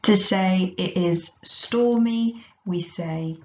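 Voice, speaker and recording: A woman teaching a recorded language lesson, speaking slowly and carefully and repeating each phrase for her students. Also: lowish voice, a little mellow. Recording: echoey, slightly dull recording.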